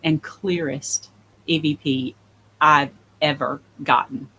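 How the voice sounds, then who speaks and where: A woman's voice: deep voice, steady tone, takes it slowly, bright, forceful tone, a little hiss or hum, poor audio. A woman guest on a podcast, telling a personal story in an earnest, emphatic way. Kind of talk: casual conversation.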